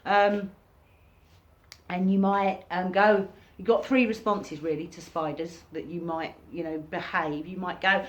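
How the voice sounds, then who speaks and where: A woman giving an informal recorded workshop lesson, talking casually and acting out reactions in sudden high bursts. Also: expressive, moderate pace. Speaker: workshop teacher.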